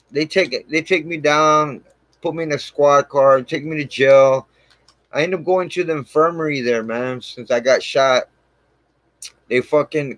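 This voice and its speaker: A man with a medium-pitched voice shares a personal story on his channel, rambling casually, cursing a lot and saying "man" almost constantly. There's no room sound, and the audio quality is low.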